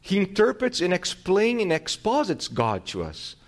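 A man pastor preaching a sermon, teaching with rhetorical questions and restarting phrases, swinging his loudness and pace for emphasis. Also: high-pitched, huge pitch swings, normal speed.

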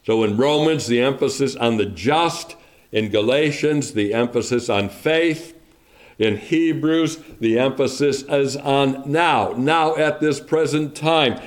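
A man preaching a sermon to his congregation, speaking deliberately and building emphasis through repetition. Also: mid-range voice. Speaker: pastor.

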